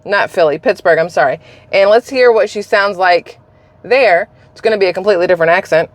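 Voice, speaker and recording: A woman's voice: medium pitch, fairly quick, no echo. A woman hosting a political commentary vlog, talking in a blunt, opinionated, casual way. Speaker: channel host.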